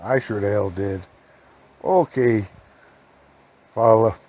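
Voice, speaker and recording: A man's voice: on the low side, takes it slowly, dark tone. A man rambles through folksy stories on his podcast in an easy, casual way. He chuckles as he goes, drifting from one tale to the next. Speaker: podcast host. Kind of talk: casual storytelling.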